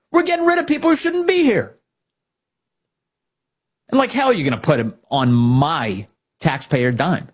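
A man hosts a political talk radio show, mocking and emphatic in tone. His voice is husky and sits a bit high. His pitch swings widely as he presses each point.

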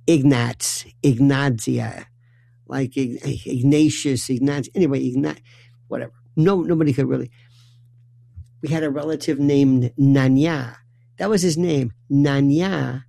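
A man spins a rambling comic monologue in a gravelly, husky voice, his pitch leaping up and down as he talks. He stumbles and restarts words in bursts. The recording is dry and close. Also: slow pace, no room sound. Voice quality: animated, acts out quoted voices with big pitch jumps. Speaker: storyteller.

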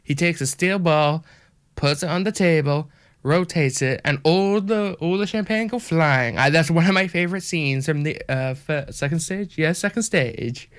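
A young man hosts an online radio show in a put-on American country drawl, chatting loosely and poking fun at himself. His voice sits a little high for a man and comes across smooth and clean. He leans on fillers and restarts as he rambles. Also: fairly bright tone, no room sound, studio quality. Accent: put-on American country accent. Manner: rambling, self-deprecating, chatty with many fillers. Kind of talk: casual rambling radio chat.

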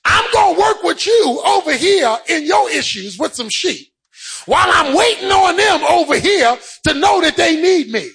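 A man preaching a sermon, swinging between shouted, sing-song peaks and quieter stretches. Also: extremely high pitch, very animated, normal speed, rough recording.

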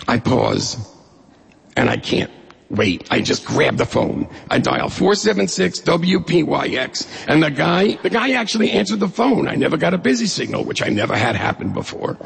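Middle-aged male storyteller, very husky and animated, in a reverberant hall. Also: fairly high pitch, normal speed. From New York State. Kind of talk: personal story told to an audience.

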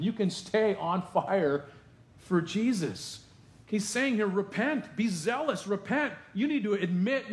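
A male pastor delivers a lively, conversational sermon, tossing rhetorical questions out to his congregation. His voice sits a little high for a man. The sound carries the roomy echo of a church sanctuary.

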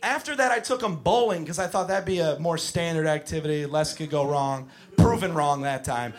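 A young man doing stand-up storytelling on a club stage, animated and bursting into shouts. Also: on the high side, normal speed. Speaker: stand-up comedian. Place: comedy club stage before a live crowd. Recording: live crowd audible.

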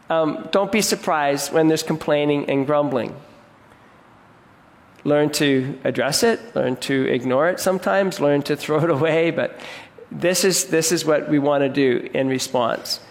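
A man delivering a sermon in a church sanctuary, his fairly high voice trailing off into a long hall reverb. He preaches earnestly and now and then mimics grumbling crowds in a whiny, raised tone. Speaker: pastor.

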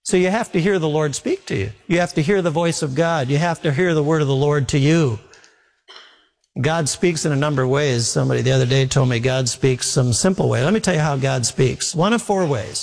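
A pastor preaching a sermon in a fairly high voice, telling homespun stories with a touch of humor. His voice carries a long reverb, as if recorded in a large hall. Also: fairly quick, gravelly.

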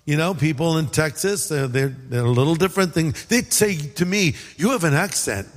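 A man's voice: fairly high pitch, lively intonation, moderate pace, in a large hall. A man from California preaching a sermon in a conversational way, acting out quotes and adding asides. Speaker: pastor.

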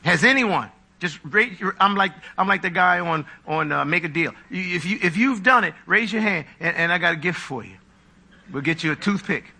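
A male pastor preaching a live sermon in a high, ringing voice. His delivery is animated and full of humorous, mocking asides as he works the congregation. He sounds very bright and forceful. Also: normal speed, creaky, slightly rough.

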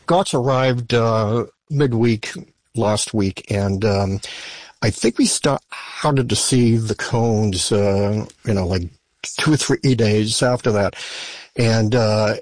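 A man's voice: lowish voice, slow pace, darkish tone, dry recording. A man, a newspaper journalist, answering in a radio interview with hesitant speech full of fillers and restarts.

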